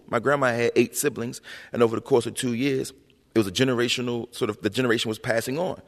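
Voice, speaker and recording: A man in his thirties, an author being interviewed before an audience, telling stories in an animated, slangy way and often tagging lines with "right?". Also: mid-range voice, fast, gravelly. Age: 30s. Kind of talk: conversational storytelling on stage. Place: hall with a live audience. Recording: long reverb in a large hall.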